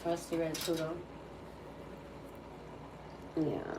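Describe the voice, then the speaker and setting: A woman with a lowish voice chats at a slow, unhurried pace, cooing baby talk to her dog between remarks. She sits back from the microphone. A faint background hum runs underneath. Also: distant mic. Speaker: tarot reader. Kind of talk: casual chat.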